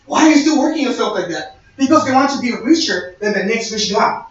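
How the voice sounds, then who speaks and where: A man's voice: very high voice, animated, a little fast. A young man giving a sermon-style talk, conversational and storytelling with quoted dialogue. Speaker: speaker. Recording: echoey, distant, dull-sounding room recording.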